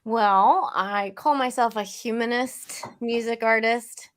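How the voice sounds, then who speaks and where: A woman musician chatting on a live-stream panel, talkative with halting restarts and frequent laughs. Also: on the high side, steady tone. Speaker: singer-songwriter guest. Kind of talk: casual panel chat.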